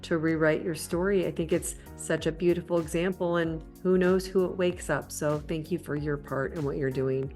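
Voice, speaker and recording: A woman hosts an interview, speaking in an earnest, affirming tone. Her voice is low for a woman. Faint music plays beneath her. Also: fairly even intonation, normal speed, few pauses, a little mellow. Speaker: podcast host. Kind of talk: interview and show outro.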